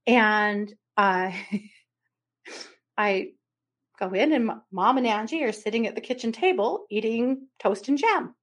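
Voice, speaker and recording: A woman with a slightly high voice co-hosts a podcast, speaking slowly with long pauses. Chatting casually, she tells a family story as an animated storyteller, laughing often and acting out what people said.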